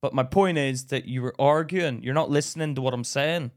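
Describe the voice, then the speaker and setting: A man's voice: mid-range voice, fairly quick. A man, co-hosting a podcast, telling a story in casual chat and acting out the other people's voices. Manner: animated, acts out voices in anecdotes. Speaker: podcast co-host.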